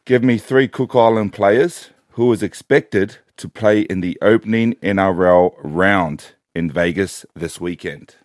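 Low voiced guy cohosting a footy show, ribbing his mate, dry mic. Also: unhurried, hardly any pauses, no echo. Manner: teasing, joking. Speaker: sports show co-host. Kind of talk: casual radio chat.

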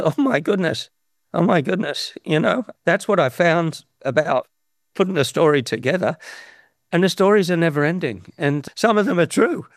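A man's voice: a little high, normal speed, dry recording, studio quality. An Australian man in his sixties telling rambling anecdotes as an interview guest, with many restarts. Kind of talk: anecdotal storytelling.

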